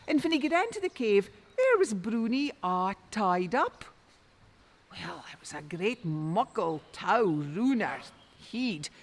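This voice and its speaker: A woman with a Doric Scots accent telling a traditional folk tale in rich dialect, lilting and expressive. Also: a little high. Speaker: storyteller. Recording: long reverb.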